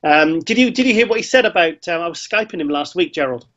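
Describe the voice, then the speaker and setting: Male co-host, high-voiced, chatty and excitable, lo-fi sound. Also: fast. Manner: excitable storytelling, lots of restarts. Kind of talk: casual chat. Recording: slightly dull lo-fi sound.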